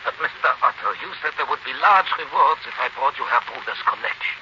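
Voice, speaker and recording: A man's voice: medium pitch, expressive, quick pace, bright, forceful tone. An actor playing a scheming male servant, deferential and soothing, in 1940s radio acting. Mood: tense. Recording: muffled old radio broadcast with hiss.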